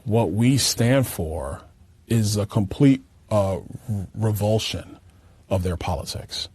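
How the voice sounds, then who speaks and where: A man answering in a political interview, measured and halting with frequent fillers. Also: fairly low pitch, expressive, darkish tone, breathy edge. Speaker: interview guest.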